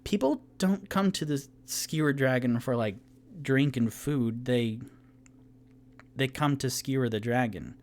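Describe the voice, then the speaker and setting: A man voicing a weary, battered dragonborn bartender who speaks haltingly in a casual drawl. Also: medium pitch, a little mellow, lightly acted.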